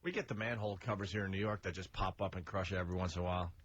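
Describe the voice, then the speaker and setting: A man's voice: sits low, steady tone, very fast, fairly bright tone. A man hosting a radio talk show, chatting loosely as he reads out news stories and throws to callers. The sound is dull and lo-fi, with a faint hiss running under it. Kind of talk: casual radio banter.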